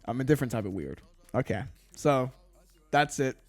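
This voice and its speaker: A young British man putting on an American accent, ranting to camera in a rambling, stammering way, swearing and mocking himself deadpan. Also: medium pitch, moderate pace, gravelly, no room sound. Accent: put-on American. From Britain. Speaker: YouTuber. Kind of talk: casual rant to camera. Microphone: desk studio microphone.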